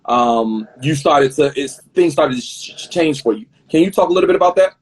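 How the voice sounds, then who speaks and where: A man's voice: on the high side, expressive, fairly quick. A man hosting a live online interview over a video call, talkative and prone to repeating words as he rephrases his questions. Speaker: host. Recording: husky video-call audio that drops out.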